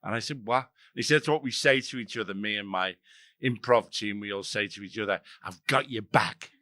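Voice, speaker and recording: A man's voice: on the low side, fairly quick, pushed and bright. An older man hosting a live comedy podcast, telling sardonic, sweary, rambling anecdotes. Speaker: podcast host. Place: comedy venue stage before a live audience.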